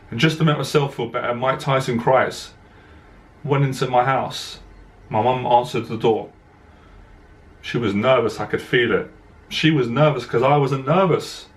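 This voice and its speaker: Speaking straight to camera, a dating coach delivers a heartfelt, emotional personal monologue. His voice sits at an ordinary middle pitch, and he talks earnestly and directly, often repeating words as his voice catches.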